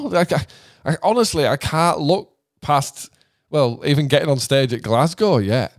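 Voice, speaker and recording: A man's voice: mid-range voice, lively intonation, moderate pace, no echo, clean studio sound. A British man co-hosting a podcast in casual chat, swearing freely and rambling through trailing sentences. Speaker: podcast co-host, musician.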